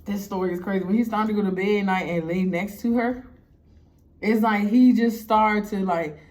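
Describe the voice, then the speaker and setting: A young woman telling a story to her viewers in a casual, animated way, laughing often and filling her talk with "like". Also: medium pitch, normal speed. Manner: animated, laughing, heavy "like" fillers. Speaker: storytime vlogger.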